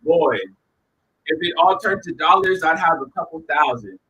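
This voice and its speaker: A man's voice: on the high side, moderate pace. A man around thirty giving casual, slangy reaction commentary on a song during a livestream. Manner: animated, slangy, talks back to the song. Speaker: livestream host reacting to music.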